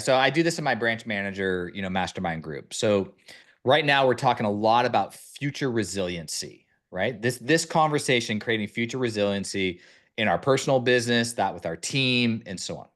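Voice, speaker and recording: A man's voice: medium pitch, lively intonation, a little fast, a bit bright. Guy on a mortgage podcast, voice swoops up and down a lot, walks you through steps like a coach. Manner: instructive, lays out steps one by one. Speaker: mortgage branch leader and podcast host.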